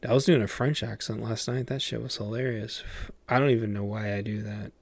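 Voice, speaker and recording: A man streams a game and chats loosely with his viewers. His voice has a gravelly fry at mid pitch, and he wanders through his thoughts with many ums and restarts. The sound is close and dry. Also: steady tone, fairly quick, dry recording. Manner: rambling, lots of fillers and restarts. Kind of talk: casual livestream chat while playing a game.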